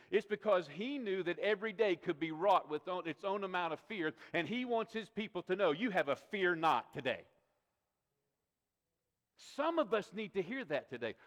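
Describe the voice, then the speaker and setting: A man's voice: sits high, fairly bright tone. A male pastor preaching a sermon, emphatic and repetitive, asking rhetorical questions of his congregation. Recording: long reverb of a large hall.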